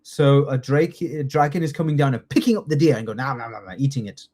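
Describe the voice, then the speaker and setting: A man's voice: on the high side, brisk, warm tone. Casting note: man in his thirties, chatty online quiz tutor who jokes and reads out answer options. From United Kingdom. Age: 30s. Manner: chatty, jokey, reads out multiple-choice options and praises students by name. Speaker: citizenship test tutor. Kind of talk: live online quiz lesson.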